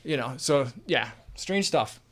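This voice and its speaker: A man's voice: medium pitch, expressive, slow, fairly bright tone. A man from the United States co-hosting a casual livestream chat, telling stories in an easygoing, joking way and thanking viewers. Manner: easygoing, joking storyteller, reads viewer comments. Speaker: co-host.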